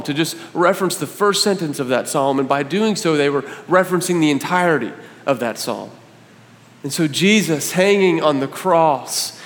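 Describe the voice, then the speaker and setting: A man preaching a sermon, reading scripture aloud with building passion that rises toward near shouts. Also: on the high side, long reverb tail. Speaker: pastor.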